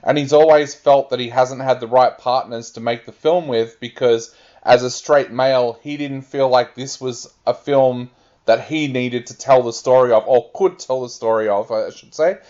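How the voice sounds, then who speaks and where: A man's voice: medium pitch, fairly even intonation, normal speed, darkish tone. A man reviewing films on a radio panel, speaking frankly and conversationally. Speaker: film reviewer. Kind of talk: radio film review chat. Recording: dull lo-fi radio audio.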